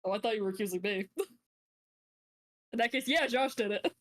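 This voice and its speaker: Lively, playful woman player. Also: fairly high pitch, normal speed. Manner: playful, mock-indignant, giggly. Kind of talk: casual game chat.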